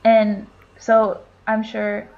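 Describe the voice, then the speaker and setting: A woman's voice: medium pitch, monotone, extremely slow. Wry young woman on a dull mic. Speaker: podcast guest. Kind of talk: casual chat.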